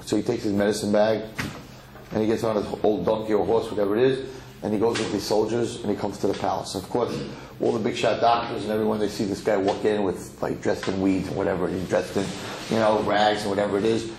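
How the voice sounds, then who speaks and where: A man, a rabbi, telling a long story in an animated way and acting out the characters during a sermon. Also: lowish voice, fast talker, roomy sound, slight background noise, low-quality recording.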